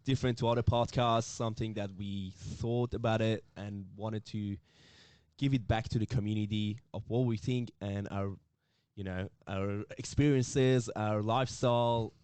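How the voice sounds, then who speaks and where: A man's voice: lowish voice, fairly even intonation, moderate pace, darkish tone, clear, resonant tone, no room sound. A man from Iran, co-hosting a podcast in casual chat and laughing often. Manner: laughs often, playful banter. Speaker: podcast co-host. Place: Melbourne.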